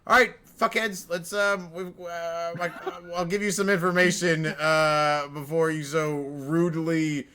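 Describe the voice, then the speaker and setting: Casting: flustered, sweary pirate man, stammering and cranky, bright high voice, played by a man. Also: flat delivery, a little slow, few pauses. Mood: rude. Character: flustered foul-mouthed male pirate Pip. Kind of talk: in-character voice in a tabletop game.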